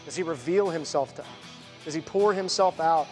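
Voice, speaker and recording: Earnest high-voiced male preacher, reverberant hall. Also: brisk, faint music behind. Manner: earnest preaching, voicing quoted speakers. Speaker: pastor. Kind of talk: sermon.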